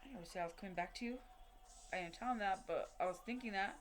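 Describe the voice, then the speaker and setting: A woman's voice: mid-range voice, rapid-fire. Woman telling a story with lots of cursing. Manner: rambling and heavily profane, with many fillers and restarts; re-enacts what people said in quoted dialogue. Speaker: vlogger telling a personal story. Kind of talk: casual spoken storytelling.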